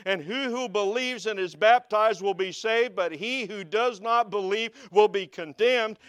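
A man preaching a sermon, telling a story quietly and then rising into loud, emphatic preaching. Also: sits high, a little slow, hardly any pauses, clean tone, dry recording.

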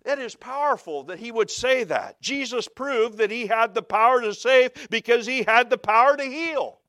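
High-voiced preacher, dry and close. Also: male voice, lively intonation, normal speed, dry recording. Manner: builds from quiet storytelling to loud emphatic preaching. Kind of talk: sermon.

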